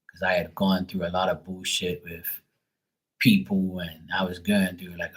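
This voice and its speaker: A man chatting casually on a tarot livestream, telling stories in a profane, animated way. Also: on the low side, rough recording. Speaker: tarot reader.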